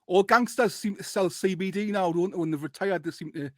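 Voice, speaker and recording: A man's voice: high voice, fairly quick, a little mellow, no echo. A man hosts a football podcast in a loose, jokey way, swearing as he banters. His voice sounds close and dry, with no room around it. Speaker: podcast host. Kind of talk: casual football podcast chat.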